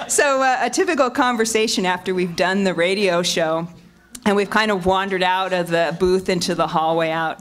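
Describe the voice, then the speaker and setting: A woman's voice: fairly low pitch, a bit bright, a little hiss or hum. A woman giving a comic roast speech as a radio co-host, laughing as she acts out the dialogue.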